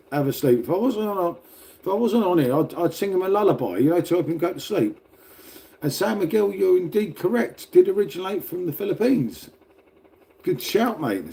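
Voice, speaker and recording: A middle-aged man rambles through a casual livestream chat from his home, his fairly high voice carrying a dark, mellow tone. He laughs often, swears freely and keeps talking straight to his viewers. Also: creaky. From Britain. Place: indoors at home next to a radiator.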